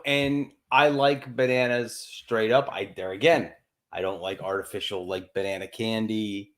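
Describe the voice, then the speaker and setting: A young adult man with an eastern Pennsylvania accent, co-hosting a casual chat over whiskey, animated and self-mocking with casual swearing. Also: lowish voice, measured pace. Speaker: co-host.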